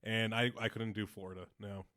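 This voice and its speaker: A man's voice: lowish voice, flat delivery, a little fast, pushed and bright, dry recording. A man co-hosting a comedy podcast, laid-back and answering in short, dry remarks during casual chat. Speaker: podcast co-host.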